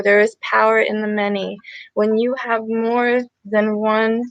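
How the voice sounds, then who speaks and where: A woman's voice: a little high, gravelly, dry recording, lo-fi sound. A woman hosting a live gratitude meditation, talking earnestly and emotionally and repeating affirmations to her viewers. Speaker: meditation livestream host. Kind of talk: guided gratitude meditation talk.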